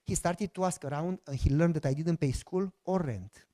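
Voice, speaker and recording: A pastor gives an emphatic sermon testimony, telling his own story in broken, non-native English grammar. His fairly high, dark-toned voice moves at normal speed, and he imitates other people's voices when quoting them.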